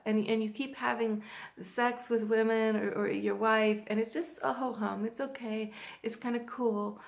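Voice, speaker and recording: A woman coaching men on dating in a casual advice vlog, earnest and halting, with many fillers and restarts and laughs between points. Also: fairly high pitch, gravelly. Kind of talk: direct-to-camera advice vlog.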